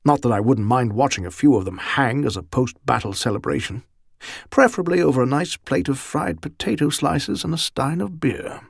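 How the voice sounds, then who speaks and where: A man's voice: medium pitch, normal speed, vocal fry, slightly rough, no echo, studio quality. A man voicing a battle-hardened male general muttering grim, vengeful thoughts in an audiobook. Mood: gloating. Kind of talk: audiobook character reading.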